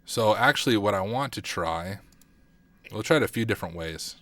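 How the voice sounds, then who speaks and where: Male streamer, lowish voice, mutters and thinks aloud through a live lab, keyboard clatter behind. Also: expressive, normal speed, fairly bright tone, dry recording. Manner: thinks aloud, self-deprecating, mutters while typing. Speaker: cybersecurity streamer. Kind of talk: casual livestream walkthrough.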